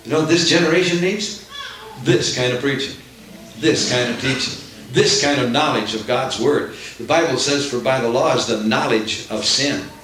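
A man's voice: mid-range voice, moderate pace, a bit bright, very echoey, a little hiss or hum, low-quality recording. A man preaching a sermon with fervent, rising emphasis.

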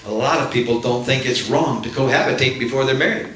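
A man's voice: medium pitch, fast, a bit bright, very echoey, a little hiss or hum, low-quality recording. A man preaching a sermon with fervent, rising emphasis.

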